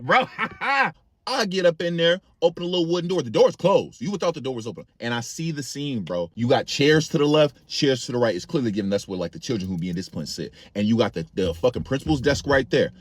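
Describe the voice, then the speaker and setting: Animated, profane storytelling man. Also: mid-range voice. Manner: animated, profane, addresses listeners as gang. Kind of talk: casual storytime.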